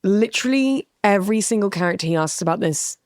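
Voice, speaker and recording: A woman's voice: mid-range voice, fast, no echo, studio quality. A woman co-hosting a podcast, recapping a TV episode in candid, casual chat and swearing freely. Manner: candid, sweary, animated retelling of scenes. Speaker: podcast co-host.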